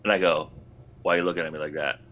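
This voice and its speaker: A man's voice: very deep voice, little pitch movement, rapid-fire, sharp tone, dull audio. A man in a casual chat, telling anecdotes in a chatty way.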